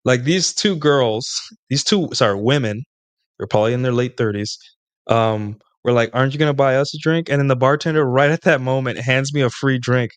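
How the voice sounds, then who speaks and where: A streamer hosting a solo talk show rambles casually through long, boastful stories about his dating life, often checking in with listeners. His medium-pitched voice moves at normal speed, with no echo.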